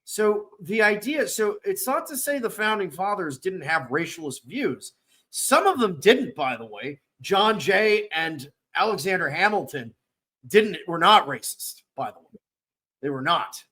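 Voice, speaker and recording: A man with a high, bright voice that swings widely in pitch argues his points on a podcast. He speaks emphatically, cuts in, and hammers points home by repeating them. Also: very animated, measured pace, husky. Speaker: podcast co-host. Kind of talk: casual discussion.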